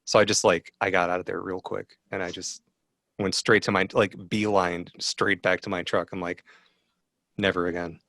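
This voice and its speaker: A man's voice: low voice, level tone, normal speed, vocal fry, a bit bright, no echo, studio quality. A man, a podcast guest, telling a rambling story full of fillers in casual chat.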